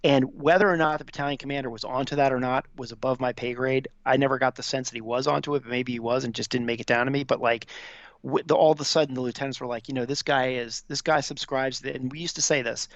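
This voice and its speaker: A man's voice: mid-range voice, fairly even intonation, fast talker, no echo. A man in his fifties, a podcast guest and veteran, telling a casual, profane anecdote and acting out the people he quotes. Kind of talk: casual storytelling. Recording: dry, slightly dull audio.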